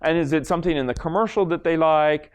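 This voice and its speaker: A man's voice: fairly high pitch, fast talker, smooth. A man from Los Angeles giving a live stage presentation as a lecturer, casual and rambling, full of fillers and restarts. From Los Angeles, USA. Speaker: lecturer demonstrating a brain scan. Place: stage in front of an audience.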